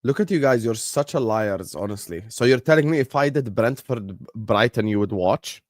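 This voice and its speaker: A man's voice: mid-range voice, expressive, normal speed, no echo, clean studio sound. A young man, casually commentating a football stream and bantering with his chat, laughing and teasing.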